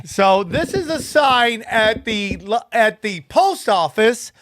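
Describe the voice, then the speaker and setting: A man in his fifties hosting a comedy podcast, telling stories in a brash, animated way. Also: sits high, slow, no room sound, clean studio sound. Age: 50s. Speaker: podcast host.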